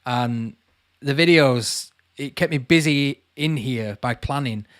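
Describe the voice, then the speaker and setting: Slow and a bit bright, this man's medium-pitched voice has a clear, resonant tone, recorded dry at studio quality. He's a channel host on a casual livestream, reading viewers' comments aloud and chatting back to them, calling them "mate."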